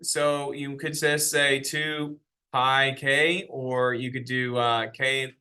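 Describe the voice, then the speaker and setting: A man's voice: medium pitch, little pitch movement, slow pace, bright, forceful tone. A man teaching a math lesson in a classroom, explaining step by step and asking the class questions. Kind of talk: classroom lecture.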